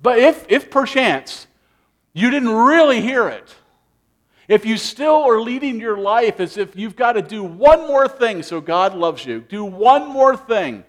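A man preaching a sermon, animated, acting out people's inner voices with sighing asides. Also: extremely high pitch, a little slow. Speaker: pastor.

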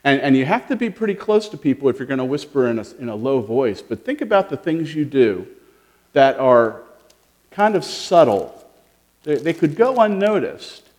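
A man speaking as a pastor, giving a lively children's sermon in a church and asking the children questions. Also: medium pitch, normal speed, big-room sound. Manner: animated, questioning, talks to children. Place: church sanctuary.

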